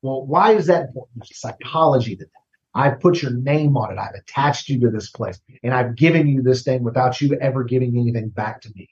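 A man working as a recruiting consultant, talking casually as an interview guest, often restarting words and tagging sentences with a quick question. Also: mid-range voice, darkish tone, lo-fi sound. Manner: conversational, repeats words, tags "right?".

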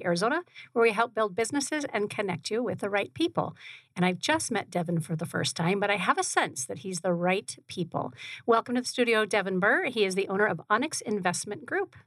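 A woman's voice: mid-range voice, a bit bright, dry recording. A woman hosting a business radio interview in a studio, chatty and enthusiastic. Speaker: radio show host.

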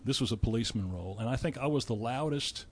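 A man with a drawl tells stories in a relaxed interview. He is animated and playful and breaks into quick impressions now and then. His voice sits at an average pitch for a man. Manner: animated storyteller who slips into impressions. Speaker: law firm partner and guest. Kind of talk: casual interview storytelling.

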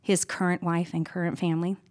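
A middle-aged woman, a guest in an interview, telling a personal story in an earnest, candid way and getting animated when she retells scenes. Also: fairly low pitch, brisk.

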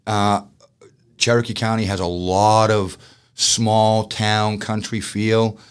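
A man's voice: fairly low pitch, level tone, takes it slowly, clean tone. Chatty man. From Boston. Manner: chatty and self-mocking, many restarts. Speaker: business owner. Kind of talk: casual interview storytelling.

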